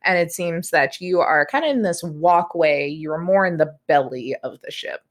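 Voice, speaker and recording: A woman's voice: fairly low pitch, moderate pace. Woman running a casual tabletop game. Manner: casual, relaxed, giggly. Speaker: game master.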